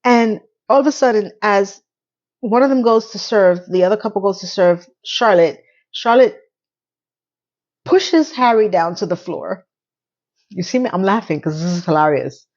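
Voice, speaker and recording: A woman recapping a TV episode in a loose, casual way. She is blunt and animated and swears freely, with a mid-range voice. The sound is a bit muffled and lo-fi. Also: mid-range voice, normal speed. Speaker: TV recap vlogger.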